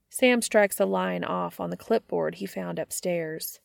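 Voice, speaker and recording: Wry woman narrator, low gravelly voice. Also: unhurried, hardly any pauses, dry recording. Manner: wry, dry comic delivery. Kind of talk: fan fiction reading.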